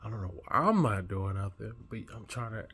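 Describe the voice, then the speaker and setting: Husky man retelling a dream. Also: lowish voice, fairly quick. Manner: earnest, animated retelling with acted-out quotes. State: just woken up. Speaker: vlogger. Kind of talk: recounting a dream.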